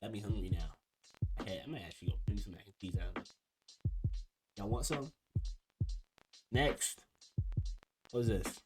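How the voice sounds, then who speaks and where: A man's voice: lowish voice, expressive, normal speed, long pauses. Rambling young man over background music. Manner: rambling, trailing off and restarting. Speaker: video creator ranking food. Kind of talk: casual commentary. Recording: music playing behind.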